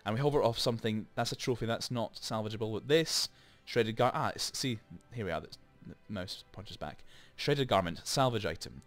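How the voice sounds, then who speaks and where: A man's voice: lowish voice, brisk, few pauses, faint music behind. A man hosting a let's play, chatting and rambling through explanations with lots of asides, into a desk microphone. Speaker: gaming channel host.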